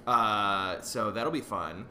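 Bright-voiced young man podcasting. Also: fairly low pitch, slow. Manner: rambling, restarts and jokes. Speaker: podcast co-host. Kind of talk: casual podcast chat.

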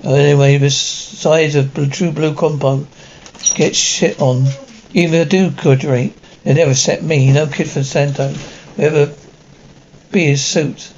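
A man's voice: a little high, fairly even intonation, unhurried, a little mellow, dull audio, a little hiss or hum. A man voicing a frustrated teenage boy who talks sullenly and swears when angry. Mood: bitter.

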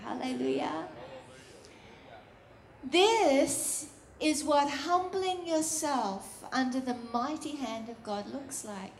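A woman preaching a sermon in a soft, intimate, earnest way that often drops to a hush. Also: sits high, slow pace. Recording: roomy echo.

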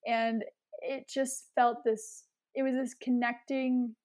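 Casting: young woman, slightly high-pitched, animated guest storyteller. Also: slow. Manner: animated storyteller, many fillers and likes. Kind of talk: casual interview chat.

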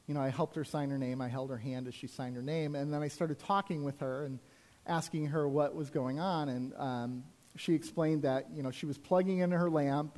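Pastor guy preaching, chatty story style, keeps asking "right?", kinda high voice. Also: warm tone. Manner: conversational storytelling, frequent "right?" asides. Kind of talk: sermon with personal stories.

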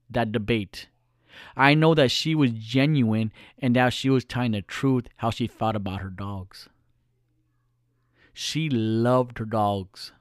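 A man's voice: mid-range voice, no room sound. Earnest man with a dry voice. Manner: earnest, reflective, repeats phrases for emphasis. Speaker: podcast host. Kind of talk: casual solo monologue.

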